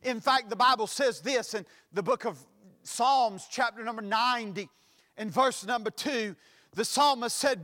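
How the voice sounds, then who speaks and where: A male pastor preaching a sermon, with a preaching cadence that swells into sudden loud emphatic lines. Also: very high voice, expressive, moderate pace, in a large hall.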